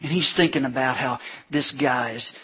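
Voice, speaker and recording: A man preaching a sermon as a pastor, retelling scripture stories with animated delivery and acted-out voices of crowds. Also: medium pitch, normal speed, slightly rough. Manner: animated storytelling preacher, acting out crowds with shouts.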